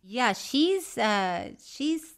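A woman's voice: on the high side, drawn-out words. A middle-aged woman co-hosting a casual podcast, reading listener mail aloud and laughing often. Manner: laughs often, reads letters in a lively voice. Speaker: podcast co-host.

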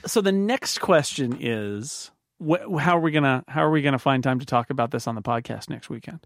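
Casting: relaxed male podcast host, mid pitch, dry close mic, loose and halting delivery. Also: no room sound. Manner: easygoing, halting with restarts. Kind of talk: casual chat.

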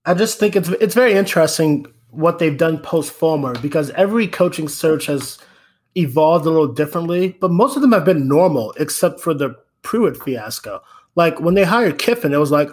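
A man with a slightly raised speaking voice co-hosts a casual sports podcast. He rambles through his points with quick asides and the odd curse. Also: a little high, animated, breathy edge. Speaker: podcast co-host.

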